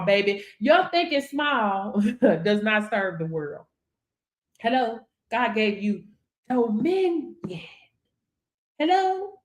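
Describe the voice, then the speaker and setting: A woman with a high, bright-pitched voice delivers a motivational faith talk in a preacher-like style. She speaks emphatically, repeats her affirmations in a rhythmic chant and punctuates them with call-outs to her audience. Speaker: business coach.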